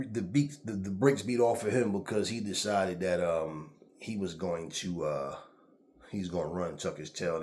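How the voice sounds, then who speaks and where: A man's voice: low-pitched, dark tone. A man, a boxing trainer, telling a story to camera in a casual, profane, emphatic way. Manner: profane, emphatic, and acts out the scenes he describes. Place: indoors, seated in front of a camera.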